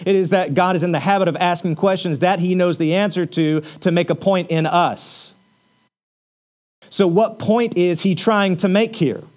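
A pastor preaches a sermon conversationally, posing rhetorical questions and dropping casual fillers. His voice is high and somewhat dark in tone, at a moderate pace.

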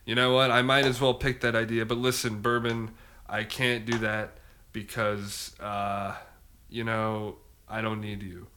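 A man's voice: lowish voice, little pitch movement, unhurried, pushed and bright. A man hosting a comedy podcast, teasing his guest in a cocky, mock-boastful way during improvised banter.

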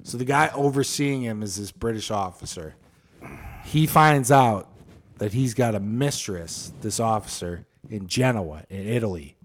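A man hosting a podcast, retelling history in crude, slangy, animated casual chat. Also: fairly low pitch, unhurried. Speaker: podcast host.

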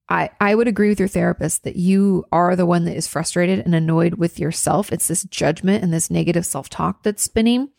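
A woman's voice: on the low side, creaky, a little mellow, no echo, studio quality. A woman therapist casually answering viewer questions, chatty and full of "like" fillers. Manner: conversational, many "like" fillers.

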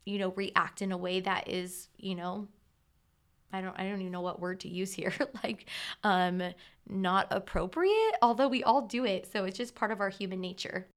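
This solo podcast host is a woman in her thirties who speaks casually with plenty of filler words. Her pitch is medium and her speed normal.

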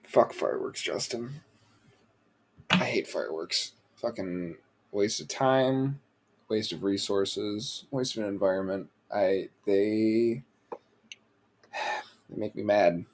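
A man's voice: on the low side, slow, long pauses, slight background noise. Profane ranting man on a podcast. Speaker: podcast co-host. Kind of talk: casual podcast chat.

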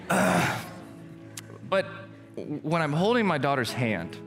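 A man's voice: moderate pace, gravelly. A young adult male pastor giving a casual, joking sermon in a church hall. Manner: casual, joking preacher, lively swings in pitch. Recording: echoey church hall with music.

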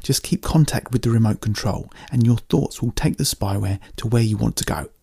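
A man reading a storybook, voicing a calm, practical woman inventor giving instructions. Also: medium pitch, a little fast, gravelly, husky, no room sound, studio quality.

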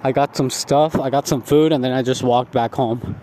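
A man's voice: mid-range voice, fairly even intonation, normal speed, warm tone, slight background noise. A young man telling a rambling, profane story about himself in a casual vlog, laughing at himself.

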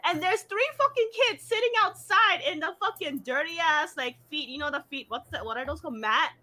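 Young woman rambling a story, high bright voice, says like a lot, laughs and swears. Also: fairly quick. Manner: animated, lots of "like", jumps high for quoted voices; swears casually, laughs often. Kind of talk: casual storytelling chat.

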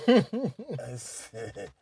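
An older man telling a profane story in casual chat, animated and laughing as he goes. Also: mid-range voice, drawn-out words, vocal fry, slightly rough, no room sound.

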